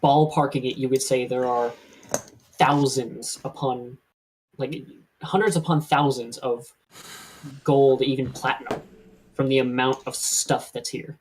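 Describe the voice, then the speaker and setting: A man running a live-streamed tabletop game as game master, who describes the scene slowly and at length. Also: mid-range voice, fairly even intonation, slight background noise, poor audio.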